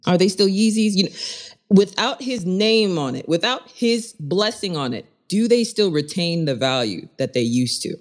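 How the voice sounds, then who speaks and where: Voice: medium pitch, animated, moderate pace. A host of a live audio chat show, joking in casual slang, laughing often and teasing the guests. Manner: playfully teasing.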